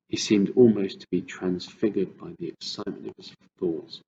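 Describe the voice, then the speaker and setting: A man calmly reading a children's book aloud. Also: low voice, moderate pace, hardly any pauses, lo-fi sound, slight background noise. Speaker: storyteller.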